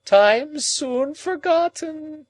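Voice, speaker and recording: A man reading an audiobook, voicing a grief-stricken, possessive old woman in a high, wailing, drawn-out voice. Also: sing-song, no echo, heavily acted, rough recording. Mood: moaning.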